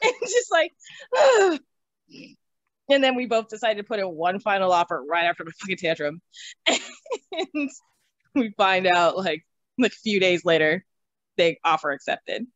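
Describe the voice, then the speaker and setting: A young woman telling stories from her own life in an interview. She is animated, laughs often and swears casually. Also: lowish voice, moderate pace, no echo. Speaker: interview guest. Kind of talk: casual storytelling. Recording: slightly dull, dry recording.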